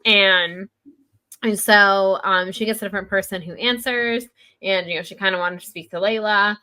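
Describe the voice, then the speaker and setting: A woman's voice: medium pitch, fairly even intonation, normal speed, bright, forceful tone. A woman co-hosting a podcast, chatting casually about a book and retelling scenes with lots of "like.". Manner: chatty, heavy use of "like", retells scenes with quoted lines. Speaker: podcast co-host.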